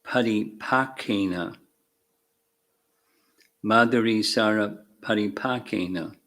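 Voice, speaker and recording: A man reading scripture verses aloud and adding commentary as a spiritual teacher, slow and measured with fervent emphasis on key words. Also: fairly low pitch, fairly bright tone. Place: temple class room.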